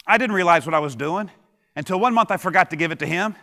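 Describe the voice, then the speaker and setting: Give me a motivational keynote from a middle-aged man, punchy and quick with a joke, recorded with long hall reverb. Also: high-pitched, bright, forceful tone. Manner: punchy, joking, fires rhetorical questions at the audience. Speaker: keynote speaker. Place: large conference hall with audience.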